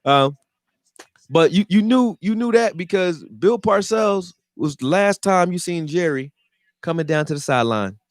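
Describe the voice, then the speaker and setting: In a high voice at normal speed, a man who makes football videos as a fan commentator rants casually, cursing and acting out quotes in an animated way. There's no room sound, and the audio is studio quality.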